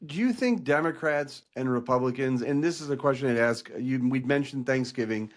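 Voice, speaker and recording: A male podcast host with a mid-pitched voice puts long, winding questions to his guest. He stacks clauses and rephrases as he goes, circling the point before landing it. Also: moderate pace. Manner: long, layered questions with self-corrections. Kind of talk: interview questions.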